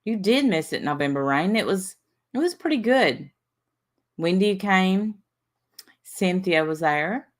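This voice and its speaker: A woman's voice: medium pitch, lively intonation, measured pace, pauses often. A woman hosting a casual livestream, chatting, reading out viewer names and laughing at herself. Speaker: livestream host.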